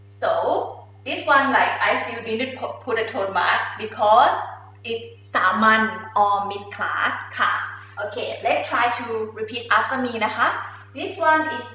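A woman's voice: a little high, expressive, moderate pace, bright, forceful tone, heavy reverb, recorded from a distance, slight background noise, low-quality recording. A woman with a Thai accent, a native Thai speaker, patiently teaching a step-by-step language lesson and drilling words for repetition.

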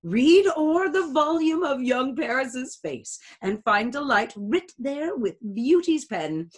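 A woman reading the part of a stiff, proper noblewoman mother in a casual play reading, in a measured, even delivery. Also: high voice, husky, exaggerated voice. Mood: persuasive. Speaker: reader.

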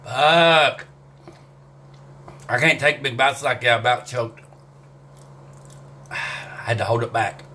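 A man talks casually to the camera with a bright, forceful voice, drawling, swearing and groaning as hot sauce burns his mouth. He speaks slowly and sweats through it. Faint background noise sits under his voice. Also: medium pitch. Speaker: vlogger eating hot sauce. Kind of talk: casual self-filmed vlog.

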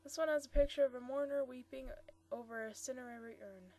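A woman reading the lines of a mellow, friendly elderly male antique dealer, in a high voice. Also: a little fast. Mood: explaining. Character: mellow elderly male shop proprietor, courteous.

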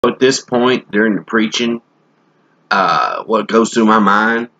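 A man's voice: lowish voice, a little slow, sharp tone, muffled recording. A man preaching a comic sermon in a folksy, joking, rambling way.

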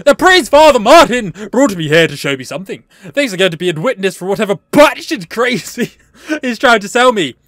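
A woman's voice: medium pitch, no room sound, clean studio sound. A woman hosting a horror game let's play, jumpy and joking, swearing freely and talking back to the characters on screen. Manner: animated and joking, laughs often. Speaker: gaming channel host.

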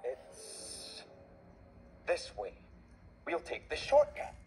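A man's voice: a little high, wildly swooping pitch, drawn-out words, darkish tone, heavily acted. A man voicing an easygoing young male conductor in a fan dub, casual, slangy and given to sighs. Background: music.

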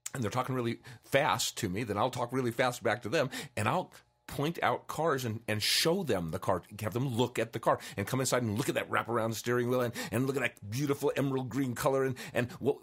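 A man giving a casual spoken lesson on persuasion, conversational and relaxed, acting out customers and salesmen as he goes. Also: medium pitch, husky. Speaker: mindfulness teacher.

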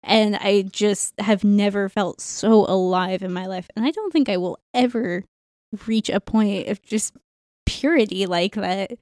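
Animated, profane woman telling a story. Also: mid-range voice, unhurried, no room sound, clean studio sound. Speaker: podcast co-host. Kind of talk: casual chat.

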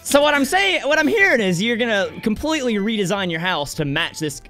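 A man co-hosting a casual game playthrough, talking in an excitable, rambling, jokey way. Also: sits high, fairly quick, soft background music. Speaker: co-host gamer. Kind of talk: casual let's-play chat.

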